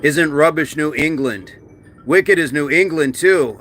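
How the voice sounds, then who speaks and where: A man's voice: on the high side, a bit bright, a little hiss or hum. A man hosting a casual livestream, reading viewer comments aloud and answering them in a chatty, joking way while he does push-ups. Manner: chatty and joking, with quick asides and restarts. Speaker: livestream host.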